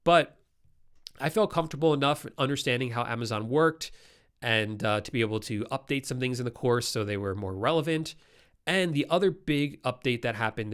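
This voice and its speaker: A man hosting a casual live-stream Q&A, reading out viewer questions and answering them in a loose, chatty way. His voice sounds stuffed up and nasal from a cold, yet it still comes through smooth and resonant at a middle pitch. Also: a bit bright.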